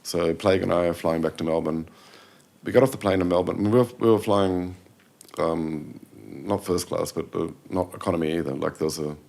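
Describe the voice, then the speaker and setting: A middle-aged podcast guest rambles through anecdotes in a casual storytelling interview, correcting himself often and slipping into quoted voices. His voice is low, steady, and darkish, with a creaky texture, and he talks fairly quickly.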